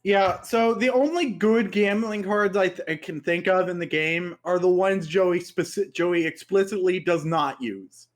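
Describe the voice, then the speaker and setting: A man's voice: high voice, unhurried, hardly any pauses. A man co-hosting a casual review podcast, rambling and correcting himself as he jokes. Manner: rambling, self-correcting, jokey. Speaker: podcast co-host. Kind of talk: casual chat.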